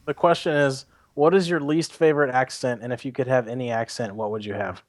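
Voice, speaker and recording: A man's voice: mid-range voice, fairly even intonation, fairly quick, no room sound. A man hosting a podcast in casual chat, joking, laughing often and swearing freely. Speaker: podcast host.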